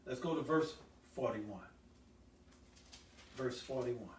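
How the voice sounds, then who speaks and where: A male pastor preaching a sermon, swelling loud on scripture and dropping low for "help me, somebody.". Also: slow pace, background noise. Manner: call-and-response preaching, swells loud then drops low. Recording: echoey room, voice from a distance.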